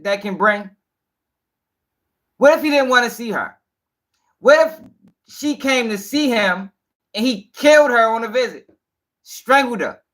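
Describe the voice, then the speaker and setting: A man's voice: high-pitched, a bit bright. A man giving blunt reaction commentary on a clip, dismissing what he hears as lies. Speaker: commentary host.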